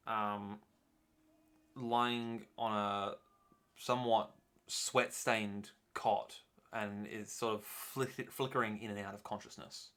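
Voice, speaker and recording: A man narrates a tabletop game as its game master, his voice a touch low but bright and forward. He hedges often, filling gaps with ums and "sort of" as he describes the scene. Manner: hesitant, lots of ums and "sort of".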